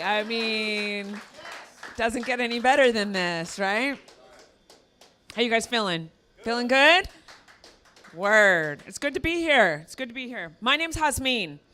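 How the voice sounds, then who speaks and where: Woman comic from the American West, sarcastic stage set, crisp bright voice. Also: a little high. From American West (Arizona). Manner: sarcastic, self-mocking punchlines. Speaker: stand-up comedian. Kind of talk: stand-up comedy set. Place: comedy venue stage.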